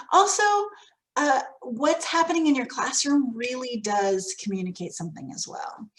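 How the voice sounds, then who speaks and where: A woman's voice: mid-range voice, low-quality recording. A woman training early childhood teachers, giving practical advice in a conversational way. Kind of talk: professional development talk.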